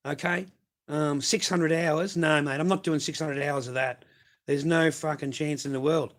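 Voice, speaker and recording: A man's voice: on the high side, fairly even intonation, normal speed, fairly bright tone. A middle-aged man with an Australian accent, hosting a casual livestream and answering viewers in a blunt, profane, rambling way. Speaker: livestream host reading viewer messages.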